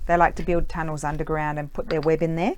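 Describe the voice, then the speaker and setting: A middle-aged Australian woman chats away as she works on a craft project, her voice sitting a little low for a woman. She meanders from story to story, stopping and restarting her sentences and filling gaps with "um". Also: flat delivery, quick pace, a little hiss or hum. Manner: chatty, rambling, many fillers and restarts. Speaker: craft vlogger. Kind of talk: casual storytelling while crafting.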